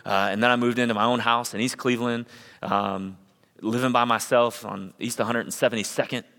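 Bright-voiced middle-aged pastor preaching in a hall. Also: male voice, mid-range voice, a little fast, vocal fry. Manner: conversational storytelling, building to energetic emphasis. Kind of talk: sermon.

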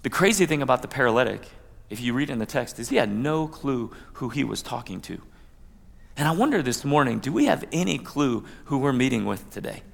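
A man's voice: medium pitch, animated, a little fast, vocal fry. A man pastor giving a conversational sermon, with asides and playful quoted voices. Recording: long hall reverb.

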